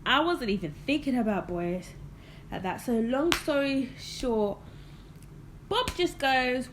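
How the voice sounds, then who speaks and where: A young woman vlogger telling a personal story in an animated, expressive way, laughing often. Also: fairly high pitch, slow, a little hiss or hum. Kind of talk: storytime vlog.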